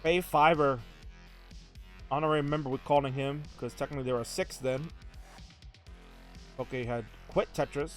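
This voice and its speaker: A man hosting and commentating a live game stream, jokey and hyped, jumping to shouts at big moments. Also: a little high, moderate pace, long pauses, soft background music. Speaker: host and commentator. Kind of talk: excited live play-by-play commentary.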